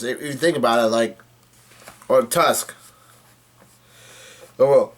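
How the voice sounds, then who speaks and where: A man casually recapping a comic chapter, halting often with fillers and restarts. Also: mid-range voice. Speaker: manga reader recapping a chapter.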